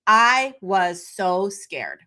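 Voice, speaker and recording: A woman guest in casual conversation, talking in an animated way and acting out quoted voices. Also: medium pitch, drawn-out words. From Memphis, United States. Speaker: podcast guest.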